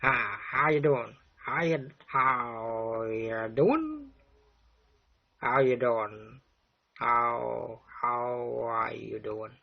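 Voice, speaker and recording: A man doing a slow, gruff cartoon pig with a Chicago accent. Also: mid-range voice, lively intonation, muffled recording, voice pushed down, exaggerated voice. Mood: friendly.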